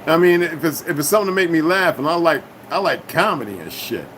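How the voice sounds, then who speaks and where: Casting: man, somewhat high pitch, combative streamer, swears constantly, rambles, faint background hum. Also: lively intonation, quick pace, a bit bright. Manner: profane, confrontational, rambling. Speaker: channel host. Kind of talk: casual livestream monologue.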